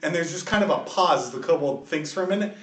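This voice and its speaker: A man's voice: a little high, lively intonation, fast, a bit bright. A man running a tabletop game as dungeon master, narrating loosely with lots of fillers and laughs. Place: card shop. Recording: echoey room, mic far off, noisy.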